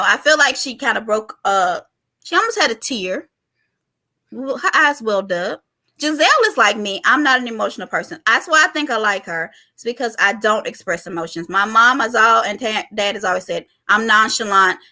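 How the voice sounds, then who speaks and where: A woman's voice: fairly high pitch, sharp tone. A woman hosting a casual recap chat, chatty, often calling her listeners "y'all.". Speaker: podcast host.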